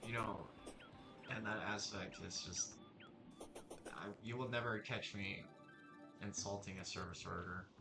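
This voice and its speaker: A man's voice: lowish voice, steady tone, a little slow, long pauses. A young man telling a rambling personal story in a casual way, with many fillers and restarts. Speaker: vlogger. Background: music.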